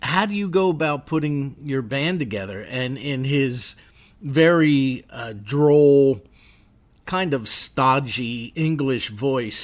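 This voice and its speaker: A man's voice: mid-range voice, slow. A man hosting a radio interview, asking rambling, conversational questions. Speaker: radio host.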